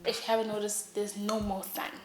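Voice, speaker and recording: Woman voicing a strict mother calling her grown daughter home, hushed and clipped, in a roomy space. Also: medium pitch, completely flat delivery, a little fast, music in the background, natural voice. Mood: stern hushed. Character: stern mother scolding her daughter at night. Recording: roomy echo.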